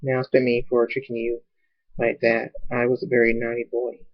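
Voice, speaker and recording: Silverwave, a soft-spoken flirty pony stallion as a man puts him on. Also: mid-range voice, completely flat delivery, moderate pace, dull audio, lightly acted. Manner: soft, teasing, seductive.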